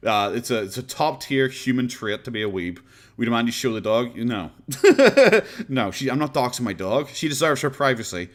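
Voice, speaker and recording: A man's voice: medium pitch, expressive, moderate pace. Sarcastic rambling Irish man streaming. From Ireland. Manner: rambling, sarcastic, laughs often. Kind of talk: casual live-stream chat.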